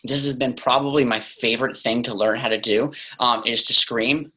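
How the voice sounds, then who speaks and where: A man's voice: mid-range voice, steady tone, normal speed, sharp tone, poor audio. A young man talking casually as an interview guest, loose and chatty with lots of "like" fillers.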